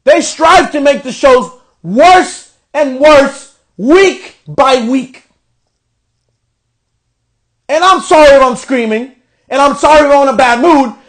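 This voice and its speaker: A young man with a strikingly high-pitched voice hosts his own podcast, reviewing a wrestling show. He rants in frustration with heavy, constant swearing, at times rising almost to a shout.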